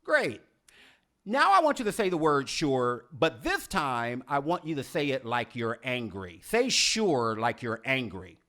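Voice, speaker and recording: Animated man coaching on leadership. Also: mid-range voice. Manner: expressive teacherly delivery, slows for emphasis. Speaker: leadership coach and video series host. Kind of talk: scripted instructional talk to camera.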